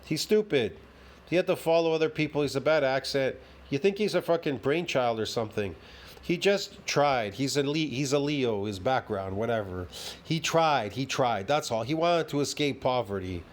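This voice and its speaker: A man's voice: mid-range voice, animated, moderate pace. A man ranting heatedly and profanely as he reacts to a fitness video, repeating himself and swearing often.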